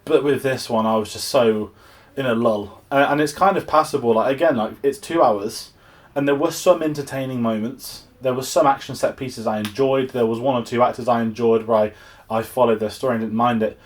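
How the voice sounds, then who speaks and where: A man's voice: mid-range voice, steady tone, fairly quick. A young English man giving a casual, exasperated film review, rambling with frequent restarts. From England.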